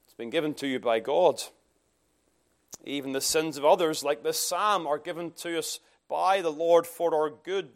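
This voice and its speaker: High-voiced emphatic male preacher. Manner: emphatic rising delivery with rhetorical questions. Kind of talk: sermon.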